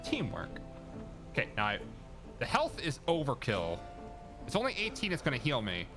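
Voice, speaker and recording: This man's medium-pitched voice swoops wildly as he talks at a moderate pace while streaming a game. Game music plays clearly in the background as he cracks self-deprecating jokes and chats about what's happening on screen.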